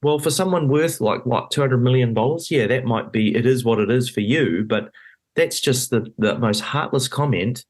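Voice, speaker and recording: A man's voice: medium pitch, normal speed. A man talking politics as a podcast guest, emphatic and indignant, with many fillers. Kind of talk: animated political chat. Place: podcast studio.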